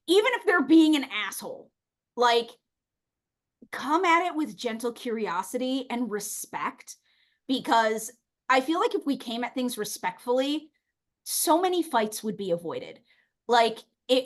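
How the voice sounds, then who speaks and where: A woman chatting casually as a podcast guest, animated and outspoken, laughing often and acting out the people she quotes. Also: on the high side, moderate pace. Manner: animated, outspoken, playful swearing and put-on quoted voices.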